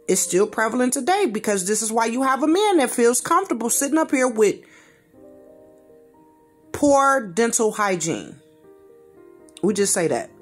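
A woman giving a blunt reaction rant in slangy, informal speech, repeating phrases for emphasis. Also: medium pitch. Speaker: commentator reacting to a video.

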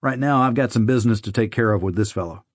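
Man voicing a tough drill sergeant, brisk orders, quick delivery, dry recording. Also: fairly low pitch, no echo, natural voice. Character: tough male army drill sergeant, commanding.

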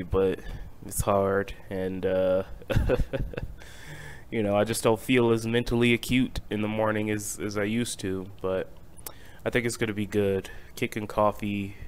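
Male crypto vlogger, drowsy morning delivery, smooth low-ish voice, casual market chatter. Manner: low-key, drowsy, self-described monotone with light chuckles. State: not fully awake. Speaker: crypto channel host. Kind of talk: casual market update vlog.

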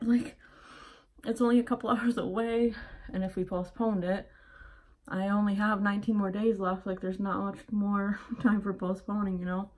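A woman's voice: mid-range voice, level tone, moderate pace, darkish tone. A young pregnant woman chatting casually as she gets ready at home, a little out of breath and rambling with lots of fillers. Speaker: vlogger. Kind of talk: casual getting-ready vlog.

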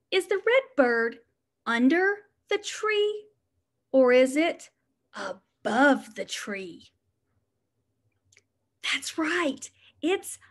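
A woman preschool teacher reading a picture book aloud to young children, sing-song and encouraging, stopping to ask them questions. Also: high voice.

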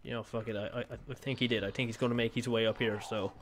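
A man's voice: mid-range voice, fairly even intonation, fast, a little hiss or hum. A man giving casual, joking let's-play commentary as he plays, swearing freely. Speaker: gaming channel host.

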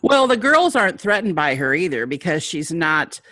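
A co-host of middling pitch chatting casually about a show, mostly answering with easy agreement. The sound is dry and close, with no room echo. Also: normal speed. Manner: brief agreeing replies, relaxed. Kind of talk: casual commentary chat.

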